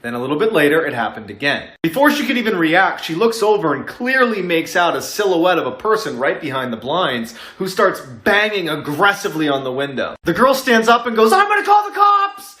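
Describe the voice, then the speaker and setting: Brief: male narrator, slightly raised pitch, suspenseful delivery, echoey room. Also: very animated, a little fast, few pauses, sharp tone. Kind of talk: dramatic true-story narration.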